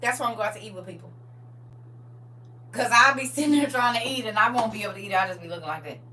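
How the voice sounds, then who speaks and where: A woman's voice: medium pitch, fast talker, bright, forceful tone. A middle-aged woman hosting a livestream, chatting casually and emphatically and laughing often. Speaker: livestream host. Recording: distant mic with faint hum.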